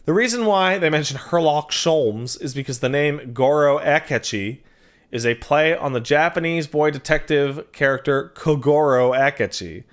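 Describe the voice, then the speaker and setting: A man streaming a game, chatting casually and reading out donations with jokey, quick asides. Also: a little high, fairly bright tone.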